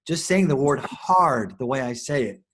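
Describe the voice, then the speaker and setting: Expressive Hebrew-native man in conversation. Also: medium pitch, brisk, slight background noise. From Israel. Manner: animated, expressive, many restarts. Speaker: actor and director, interview guest. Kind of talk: casual interview conversation.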